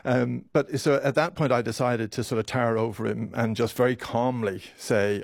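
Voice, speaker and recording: A man, a doctor recounting a hard memory in a halting way, his voice strained with emotion. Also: mid-range voice, fairly even intonation, vocal fry, dry recording, clean studio sound. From Ireland. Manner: halting, with many restarts and apologies. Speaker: doctor, interview guest. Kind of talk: emotional personal recollection.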